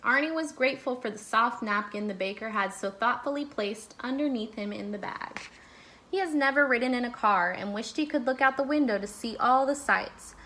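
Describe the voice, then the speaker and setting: A woman reading a children's picture book aloud in an expressive, gently paced way. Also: fairly high pitch, moderate pace, slight background noise. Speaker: storyteller. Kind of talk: children's storybook read-aloud.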